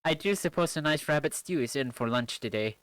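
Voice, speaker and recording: A woman's voice: animated, brisk, smooth, no room sound. A streamer voicing a haughty, refined young woman in a visual novel, talking pompously. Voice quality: pompous, high and shrill when upset. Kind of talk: visual novel read-aloud.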